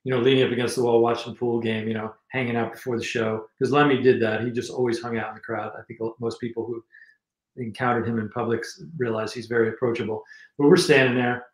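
A man's voice: mid-range voice, level tone, fast talker, roomy sound, low-quality recording. A man, a guest musician telling casual anecdotes with lots of restarts. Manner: rambling anecdotes with many restarts. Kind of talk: casual storytelling interview.

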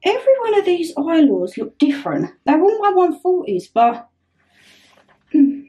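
A woman's voice: very high voice, big pitch swings, normal speed, warm tone, dull audio. A young woman chatting through a getting-ready vlog at home, flustered and self-mocking. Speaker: vlogger.

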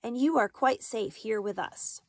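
Woman voicing a gentle, reassuring girl, soft, dry read. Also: on the high side, measured pace, creaky, dry recording.

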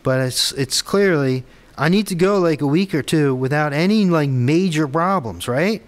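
The man's voice is fairly high-pitched and his speed is normal. As an app developer vlogger in a casual screen-recorded tech vlog, he tests his own app on camera, muttering to himself as he debugs and rambling with frustrated, self-deprecating asides.

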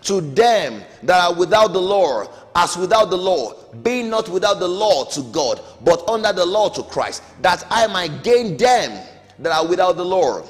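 High-pitched and sing-song, a middle-aged man takes his time through a Sunday school Bible lesson. He preaches with emphasis, calls climbing upward and amens settling down, amid long hall reverb and faint music behind him.

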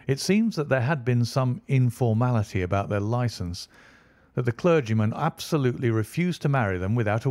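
A man narrating an audiobook in a measured storytelling delivery. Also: medium pitch, darkish tone, dry recording.

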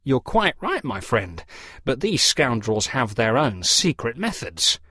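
A man's voice: medium pitch, big pitch swings, measured pace, pushed and bright, dry recording, clean studio sound, exaggerated voice. A man voicing a fussy, pompous middle-aged clergyman who lectures in a precise, theatrical way. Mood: lecturing.

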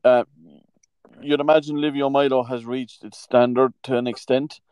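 A man co-hosting a casual horse racing preview, giving his picks in a relaxed, opinionated way. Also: mid-range voice, moderate pace, smooth, no echo. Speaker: racing tipster co-host.

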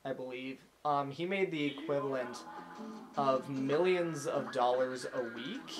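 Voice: medium pitch, a little slow, poor audio. A gaming channel host giving casual, rambling let's-play commentary, easily distracted and given to humming tunes aloud. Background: video game music.

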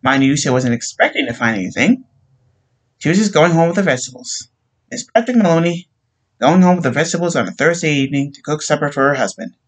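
A man's voice: on the high side, animated, fast, rough recording. Man reading a short story aloud. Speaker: narrator.

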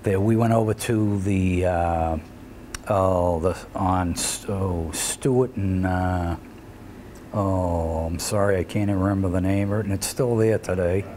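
A man's voice: low voice, a little mellow, a little hiss or hum. Older man spinning rambling tales. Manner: rambling anecdotes with fillers and chuckles. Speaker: retired wrestler, interview guest. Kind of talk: shoot interview storytelling.

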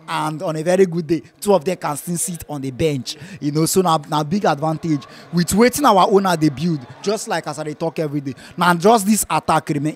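High-voiced Nigerian fan, Pidgin English. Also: male voice. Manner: lively, laughs often, repeats phrases. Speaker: football fan giving match reaction. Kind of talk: casual post-match chat.

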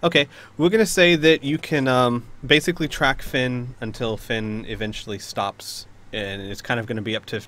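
A man narrating a tabletop game as game master, relaxed, with fillers and laughs. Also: mid-range voice, moderate pace, few pauses.

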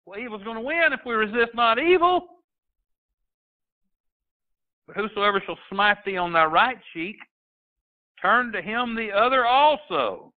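High-pitched preacher guy, sounds like it's over a phone line, gets loud and emphatic. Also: sing-song, unhurried, pauses often. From Texas. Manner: preaching with rising emphatic bursts and King James quotations. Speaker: pastor. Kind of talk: sermon.

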